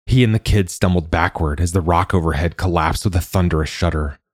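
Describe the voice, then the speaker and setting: A man narrating a story in a measured, steady way, like a scripted audiobook. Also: deep voice, no echo, clean studio sound.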